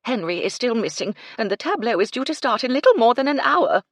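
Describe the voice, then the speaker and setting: A woman's voice: fairly high pitch, big pitch swings, a little fast, dry recording, voice pushed up. A woman voicing a fussy, irritable woman who speaks sharply and testily. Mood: irritated. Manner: sharp, testy, exasperated.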